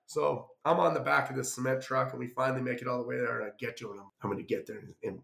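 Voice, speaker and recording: Gravelly man telling a rambling story. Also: medium pitch, very fast. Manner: rambling, animated anecdote with acted-out quotes. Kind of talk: casual storytelling. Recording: roomy echo.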